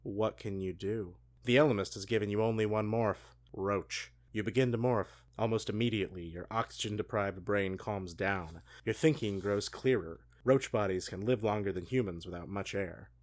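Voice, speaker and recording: A man co-hosting a show, reading a gamebook aloud with hushed dramatic delivery and laughing asides. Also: on the low side. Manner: hushed and slow when reading, then swearing and laughing in asides. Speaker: podcast co-host reading a book aloud. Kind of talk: dramatic read-aloud with banter.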